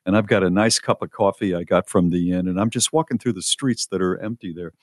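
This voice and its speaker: A man hosting a podcast, telling a story in a casual, animated, mock-indignant way. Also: low-pitched, fast, no echo, studio quality. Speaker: podcast host.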